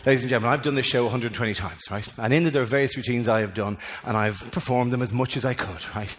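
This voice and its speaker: An Irish man doing a stand-up comedy routine in a theatre, animated and loud, breaking into mock voices and singing. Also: medium pitch, fast talker, big-room sound, slight background noise. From Ireland. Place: large theatre before a live audience.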